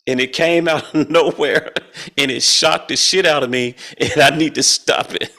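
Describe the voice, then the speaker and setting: A middle-aged man leads a spiritual study group over a video call, speaking at normal speed in a fairly high, steady voice that sounds pushed and bright. His casual spiritual talk is folksy and colloquial, and he chuckles often.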